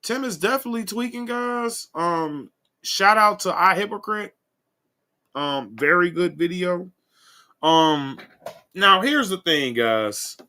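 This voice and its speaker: A man hosts a casual commentary video, talking in a rambling way full of "um" and "guys." His voice sits a little high and swings widely, with a bright, forceful edge. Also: animated, slow. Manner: rambling, keeps saying guys and um. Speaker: commentary channel host.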